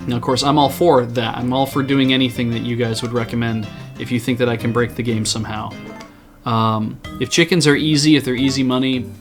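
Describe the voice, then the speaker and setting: Man, casual game commentary, self-deprecating, mid-pitched voice, faint guitar music behind. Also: flat delivery, fairly quick. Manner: chatty, self-deprecating, answers chat. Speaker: streamer playing a farming game.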